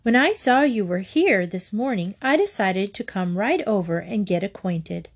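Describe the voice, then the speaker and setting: A woman's voice: medium pitch, expressive, moderate pace. A woman voicing a friendly adult neighbor in a storybook reading, sociable and welcoming.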